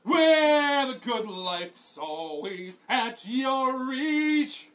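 A man with a strikingly high voice leads sea chanties aboard a sailing ship. He shouts and sings the solo lines in a loud, drawn-out way. A crew answers him with the chorus. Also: lively intonation, very noisy. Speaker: chanty singer and lecturer. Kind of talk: leading sea chanties, with spoken teaching asides.

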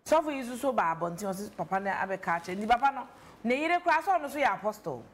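A woman's voice: on the high side, quick pace. A woman on a talk show panel, chatting casually and animatedly, mixing English into her talk. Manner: animated, mixes English into Twi. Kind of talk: casual chat.

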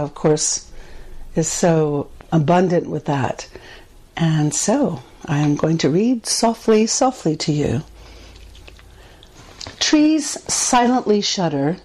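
A woman, a poet reading her own poems aloud in a slow, gentle way with pauses. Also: fairly low pitch, low-quality recording.

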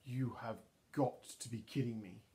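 Guy putting on a rattled detective dude, barking quick orders in a game story. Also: medium pitch, mellow, lightly acted. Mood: alarmed. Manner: hurried, clipped urgent orders. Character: male detective, urgent and alarmed.

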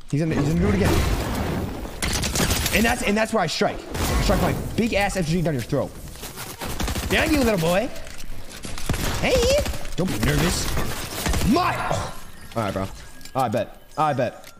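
A young male streamer trash-talks through his gameplay in a fairly high voice that swings widely between shouts and low mutters. He taunts opponents and swears freely. The stream audio is noisy, with gunfire in the background. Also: big pitch swings, moderate pace, pauses often. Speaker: gaming streamer. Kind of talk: trash-talking live gameplay commentary.

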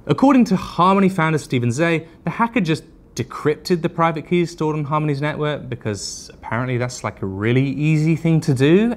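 A man presenting a scripted crypto news segment in a wry, sarcastic way. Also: medium pitch.

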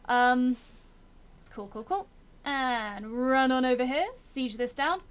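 A woman's voice: high-pitched, expressive, slow, smooth. A young woman giving casual, self-mocking commentary as she plays a strategy game and talks to its characters. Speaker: gameplay commentator.

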